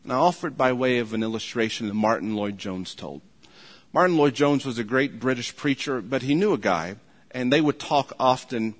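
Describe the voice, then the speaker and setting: A man preaching a sermon as pastor, earnest and pleading, slowing down to stress his points. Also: medium pitch. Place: church sanctuary.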